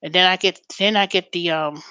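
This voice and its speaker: A woman hosting a show in a chatty, storytelling way, turning animated when she quotes callers. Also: lowish voice, fairly quick, clear, resonant tone, no room sound. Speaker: host. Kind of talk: casual chat.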